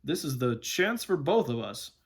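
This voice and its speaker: A man's voice: medium pitch, big pitch swings, slightly rough. A man doing a proud talking war horse. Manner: lofty, brisk, scornful of humans. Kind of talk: storybook read-aloud.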